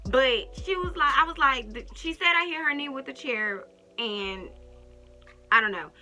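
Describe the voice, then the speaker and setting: A woman vlogger telling a story to the camera in a casual, animated way, speaking straight to her viewers. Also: high-pitched, normal speed, soft background music. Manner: animated, talks straight to viewers, acts out quotes.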